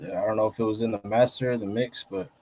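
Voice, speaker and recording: A man's voice: lowish voice, fairly even intonation, quick pace, creaky, a little mellow, breathy edge. Blunt man giving track feedback. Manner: blunt, hesitant restarts. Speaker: co-host reviewing listener tracks. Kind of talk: casual chat.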